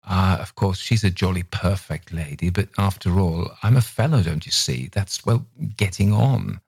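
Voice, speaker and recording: A man's voice: sits low, normal speed, gravelly, darkish tone, breathy edge, no room sound, studio quality, heavily acted. A man reading a story aloud voices a precocious, sweetly teasing young boy in a raised, coaxing voice.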